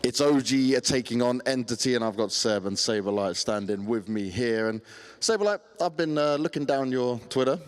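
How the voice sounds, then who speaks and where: A man's voice: medium pitch, moderate pace, smooth. A man interviewing players at an esports event, teasing and upbeat.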